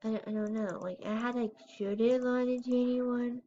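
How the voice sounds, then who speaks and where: A woman's voice: on the high side, little pitch movement, normal speed, warm tone, highs cut off. A female voice giving casual, rambling commentary while playing a game, often unsure of herself and squealing over cute items. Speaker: gamer showing her game house.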